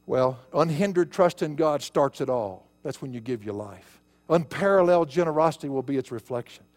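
A man's voice: on the high side, a little mellow. A man preaching as pastor in a church, folksy and emphatic, building to fervent peaks. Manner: emphatic, folksy preaching with rising bursts of intensity. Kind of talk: sermon. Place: church sanctuary.

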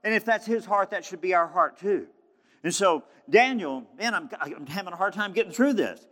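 A man's voice: sits high, expressive, moderate pace, fairly bright tone. A man preaching a sermon in a fervent, emphatic way, often restarting his phrases. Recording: long hall reverb.

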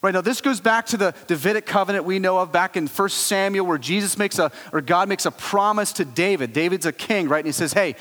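A man preaching a sermon, telling the story with animated swings between loud exclaiming and hushed low tones. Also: fairly quick, hardly any pauses. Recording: long hall reverb.

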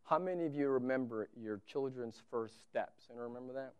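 A man preaching a sermon as a pastor in a church, telling a story with animated, repetitive emphasis. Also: mid-range voice, brisk, clean tone, no echo, dull audio.

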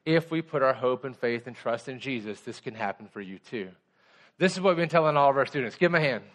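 A man's voice: mid-range voice, expressive, fast. A middle-aged pastor giving a conversational sermon to children and adults, asking the kids simple questions as he goes.

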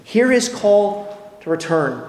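A man's voice: high voice, big pitch swings, slow pace, reverberant, in a large hall. A man preaching a sermon as pastor, earnest and emphatic, pressing his listeners with rhetorical questions.

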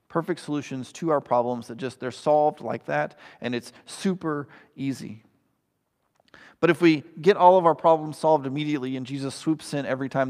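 A man's voice: a little high, big-room sound. A man preaching a sermon, earnest and conversational, with ums and asides to the congregation. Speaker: pastor.

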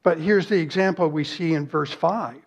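A man's voice: on the high side, moderate pace. A man preaching a sermon as pastor, earnest and emphatic, with rhetorical questions and lists.

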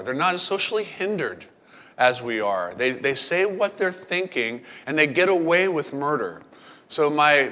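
A middle-aged man preaching a sermon as pastor, telling a family story in a playful, animated way. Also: medium pitch. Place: camp meeting hall. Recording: long hall reverb.

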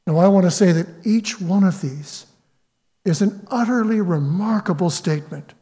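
A man preaching a sermon in a measured, reflective way, quoting scripture as he goes. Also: sits high, mellow, in a large hall. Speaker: pastor.

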